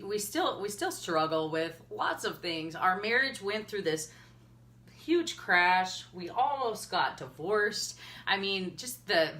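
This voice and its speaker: Casting: earnest Midwestern woman, thirties, bright tone, candid live-video talk. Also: on the low side. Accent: upper Midwestern American. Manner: candid, earnest, tearful at times, laughs often. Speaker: health and fitness coach.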